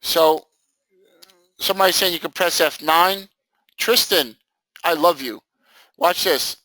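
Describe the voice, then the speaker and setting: Animated high-voiced male trading instructor. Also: slow, no echo, poor audio. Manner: animated, jokey, acts out students' reactions. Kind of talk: live screen-share training session.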